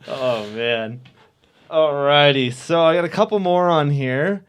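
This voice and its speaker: Higher-voiced upbeat podcast host. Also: male voice, slow, smooth. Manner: upbeat, brief affirmations. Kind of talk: casual interview chat.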